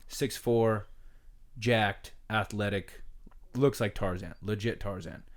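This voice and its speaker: A man co-hosting a podcast, telling a long rambling story in a casual, animated way with lots of fillers. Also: lowish voice, takes it slowly. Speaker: podcast co-host, retired pro baseball player.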